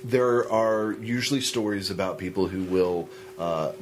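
A man co-hosting a podcast, telling stories in a joking, animated casual chat. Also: fairly low pitch, unhurried, slight background noise. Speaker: podcast co-host.

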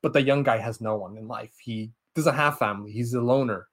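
Excitable man rambling through a film plot. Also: mid-range voice, a little fast. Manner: excitable, rambling, with many restarts and fillers. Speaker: podcast host. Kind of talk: casual podcast chat, retelling a film plot.

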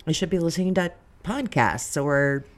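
A woman's voice: low voice, lively intonation, moderate pace. A woman who works as a chef, co-hosting a podcast in casual, rambling chat with lots of restarts. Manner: rambling, self-deprecating, many restarts.

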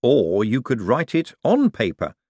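Brief: man as a smooth, teasing young con man, lively, swooping pitch. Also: unhurried, no room sound, clean studio sound. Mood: glib. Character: quick-witted, smooth-talking young male con man.

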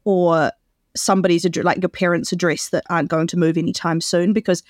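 A woman's voice: fairly low pitch, level tone, a little fast, dry recording, studio quality. A woman co-hosting a podcast in casual chat, explaining things at length and laughing often. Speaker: podcast co-host.

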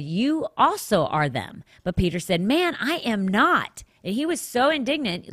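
Woman host, lowish voice, dry close sound, earnest casual Bible teaching. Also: fairly bright tone, no room sound. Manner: earnest, conversational, with restarts and emphatic asides. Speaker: podcast host.

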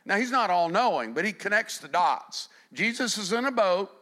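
A middle-aged male pastor delivers a sermon in a bright, fairly high voice. He preaches with animation, rising to loud emphasis and then dropping to hushed, quiet passages. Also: very animated, normal speed.

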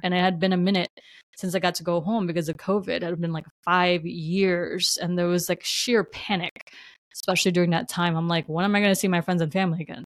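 A woman's voice: fairly low pitch, little pitch movement, fast talker, no room sound. A woman from New Jersey hosting her own podcast, reflecting in a casual, rambling way with frequent laughs. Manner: chatty and warm-hearted, laughs often, loose filler-heavy rambling. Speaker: podcast host.

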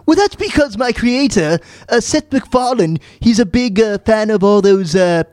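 A man's voice: sits high, lively intonation, normal speed, a little mellow, no room sound, clean studio sound, pitched above the performer's own voice. A man doing Stewie, a posh sneering baby. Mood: haughty. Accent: posh British put-on. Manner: sarcastic heckling, haughty. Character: snooty talking baby boy, posh and mocking.

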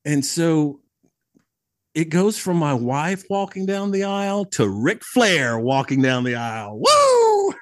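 Guy in his 40s on a podcast, animated storyteller, laughs a lot, dry close mic. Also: a little high, measured pace, no room sound. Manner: animated storyteller, frequent restarts, laughs easily. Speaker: podcast guest, public speaker. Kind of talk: casual storytelling conversation. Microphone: podcast studio microphone.

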